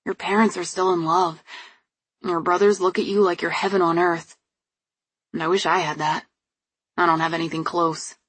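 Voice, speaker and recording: A woman doing a gentle earnest young man. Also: fairly low pitch, flat delivery, moderate pace, long pauses, breathy edge, no echo. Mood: sad.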